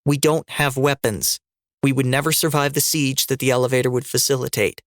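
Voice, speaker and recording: A man's voice: mid-range voice, level tone, a little fast, fairly bright tone, dry recording, studio quality, close to an everyday voice. A man voicing a defiant, fierce woman rebel leader in an audiobook reading, cutting and sarcastic in tone.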